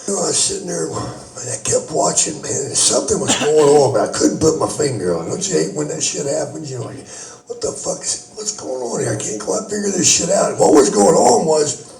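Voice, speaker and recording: A man's voice: a little high, big pitch swings, a little fast, gravelly, darkish tone. A man, a wrestler, telling locker-room stories to fans in a casual, profane way, swearing constantly and laughing through his punchlines. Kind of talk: casual anecdote storytelling. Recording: roomy echo, voice picked up from a distance.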